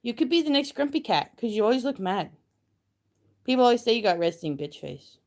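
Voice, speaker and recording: This woman's voice is fairly high and fairly quick as she livestreams into her phone from her untidy bedroom. Her chat is casual and rambling, turning hyper and excitable.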